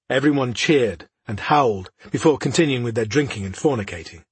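A man narrating a fantasy audiobook in a steady, measured reading style. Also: mid-range voice, breathy edge, no room sound.

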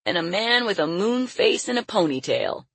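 A woman voicing a gruff, folksy old man who works at a circus. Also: mid-range voice, lively intonation, normal speed, a bit bright, no echo, pitched above the performer's own voice. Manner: folksy, rough. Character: gruff old male circus hand, rough-spoken.

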